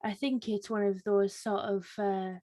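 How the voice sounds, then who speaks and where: Woman on a political panel, lots of ums and restarts, mid pitch. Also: little pitch movement, a little slow, warm tone. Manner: hesitant, many fillers and restarts, laughs easily. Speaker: panel guest, Labour councillor. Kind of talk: casual panel discussion.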